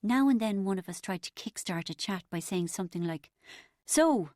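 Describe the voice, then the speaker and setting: A woman narrating an audiobook in the first person, wry and expressive. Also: medium pitch, brisk, dry recording, clean studio sound.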